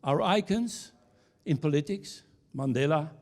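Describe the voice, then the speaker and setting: A man's voice: on the high side, expressive, a little mellow. A man giving a conference keynote. He tells anecdotes, restarts his sentences and ends on punchlines. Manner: anecdotal storyteller with halting restarts, ending on punchlines. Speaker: keynote speaker. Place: conference stage.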